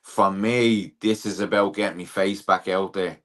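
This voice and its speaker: A young Irish man, a professional boxer, talking through a casual interview in a relaxed, plain-spoken way with plenty of fillers. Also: low-pitched, moderate pace.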